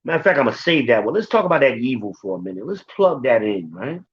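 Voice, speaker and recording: A fast-talking Bible teacher with a mid-range, sing-song voice comes through a dull lo-fi recording with a little hiss or hum. He speaks emphatically and informally, restating his points and talking directly to those listening.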